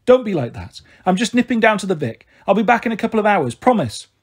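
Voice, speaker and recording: A flighty, affectionate young mother from a storybook, put on by a man reading aloud. She gushes in a high, breezy voice with a husky edge. She swings between bright and defiant. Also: big pitch swings, fast, full character voice.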